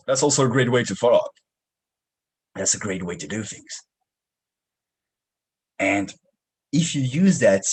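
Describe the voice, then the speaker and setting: Husky French-accented sales coach. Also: male voice, fairly low pitch, poor audio. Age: young adult. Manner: energetic, punchy, slangy with "man". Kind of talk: motivational sales training talk.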